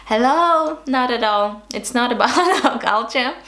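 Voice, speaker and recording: A young Russian woman with a Russian accent chats casually to the camera as a vlogger, her voice a little high, a bit bright, and reverberant at a normal speed. She sounds hesitant, filling her talk with fillers and restarts and laughing often.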